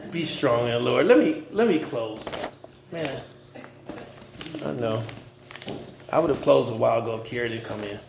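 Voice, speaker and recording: Male pastor, high gravelly voice, loose slangy sermon in an echoey church. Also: expressive, moderate pace, pauses often, noisy background. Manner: informal preaching with slang and humor, rising and dropping in intensity.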